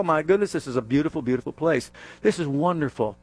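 A male preacher giving a sermon, animated and jokey, acting out scenes as he goes. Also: a little high, fast, no room sound.

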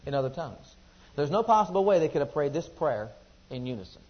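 A man preaches a sermon in a slightly high voice, questioning his listeners as he goes. He rises to loud emphasis, then drops to quiet asides. The recording is dull and lo-fi. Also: big pitch swings, quick pace.

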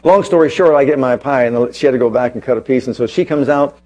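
A pastor with a medium-pitched, slightly mellow voice preaches a sermon, telling a personal story before slowing down to press home his points with emphasis.

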